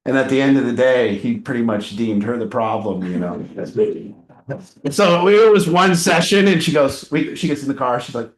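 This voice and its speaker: A man with a mid-range voice speaks briskly in an echoey room, coaching an addiction recovery support group. He is candid, blunt, and profane, telling anecdotes and acting out what people say.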